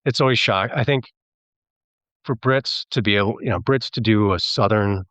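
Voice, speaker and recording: A man's voice: lowish voice, normal speed, a bit bright, dry recording. A man, a filmmaker and actor, talking as a podcast guest in a chatty, rambling way and mimicking voices when he quotes people. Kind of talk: casual podcast interview.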